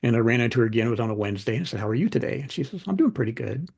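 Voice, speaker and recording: A middle-aged man, a podcast guest and author, talking in a relaxed, conversational way and acting out the voices in his anecdotes. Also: mid-range voice, rapid-fire, vocal fry, breathy edge. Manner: animated anecdotes, acts out quoted dialogue. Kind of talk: conversational storytelling.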